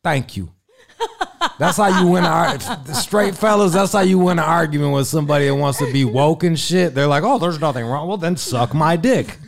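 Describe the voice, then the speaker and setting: A man's voice: on the high side, moderate pace, creaky. A man talking as a podcast guest in casual chat, blunt and profane in his stories.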